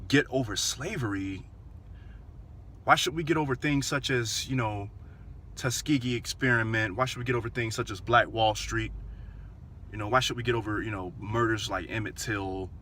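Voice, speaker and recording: A man's voice: medium pitch, moderate pace, long pauses, pushed and bright, slight background noise. A man talking earnestly to his viewers in casual commentary, repeating phrases and restarting often. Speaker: vlogger.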